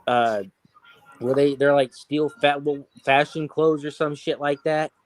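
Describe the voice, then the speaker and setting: A man chatting on a podcast with a somewhat high voice. He rambles through stories, swearing constantly and getting animated as he goes. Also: unhurried. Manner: profane, rambling, animated storytelling. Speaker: podcast co-host. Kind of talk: casual chat.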